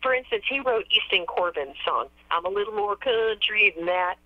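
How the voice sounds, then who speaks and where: A woman guest in a casual phone interview, telling stories in a warm, chatty way with plenty of fillers and restarts. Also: medium pitch, expressive, normal speed, phone-quality sound. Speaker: radio DJ and PR firm owner, interview guest.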